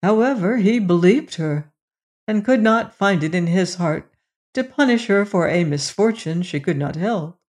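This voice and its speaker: A storyteller reading a fairy tale aloud in a slow, measured way. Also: medium pitch, expressive, darkish tone.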